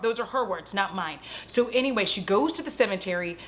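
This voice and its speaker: A young woman casually recapping a horror film at home, animated and swearing freely as she acts out the characters' lines. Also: medium pitch, fairly quick, hardly any pauses. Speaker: vlog host.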